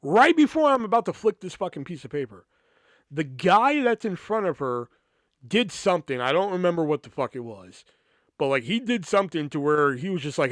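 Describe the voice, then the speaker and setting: A man's voice: on the high side, animated, brisk, a bit bright, dry recording, studio quality. Rambling, foul-mouthed man telling stories. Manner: rambling, heavy swearing, many fillers. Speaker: podcast host. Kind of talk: casual storytelling.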